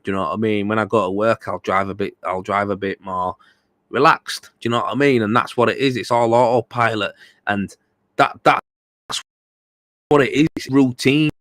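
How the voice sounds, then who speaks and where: A man's voice: on the low side, steady tone, normal speed, fairly bright tone, no room sound. A tired man hosting a casual livestream podcast, talking bluntly and swearing freely, rambling with lots of repeated fillers. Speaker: podcast host.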